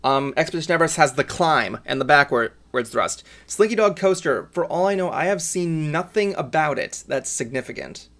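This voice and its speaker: A man's voice: fairly high pitch, expressive, moderate pace, hardly any pauses, a bit bright. A man hosting a casual chat show, rambling with lots of fillers and restarts. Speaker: podcast host.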